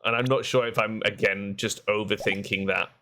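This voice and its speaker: A man's voice: fairly low pitch, fairly even intonation, moderate pace, bright, forceful tone. A man giving casual, self-deprecating commentary while streaming a game.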